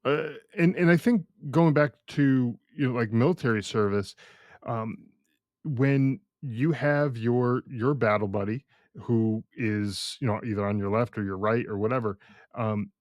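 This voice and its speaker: A man hosting a podcast, talking thoughtfully with many pauses, "um"s and restarts. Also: mid-range voice, darkish tone, no room sound, lo-fi sound. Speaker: podcast host. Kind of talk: casual podcast conversation.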